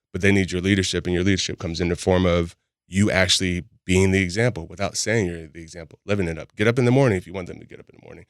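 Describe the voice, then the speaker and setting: Male podcast guest, rapid and candid storyteller, deep voice with a dry studio sound. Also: no room sound. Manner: candid, laughs often while telling stories. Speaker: podcast guest, boxing gym founder. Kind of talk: casual storytelling chat.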